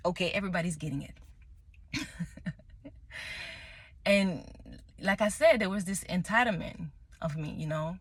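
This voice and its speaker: A woman's voice: fairly low pitch, a little slow, pauses often, husky, no room sound. Candid woman telling a personal story. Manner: candid and emotional, many restarts and laughs. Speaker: tarot reader sharing a personal story. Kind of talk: casual spoken monologue.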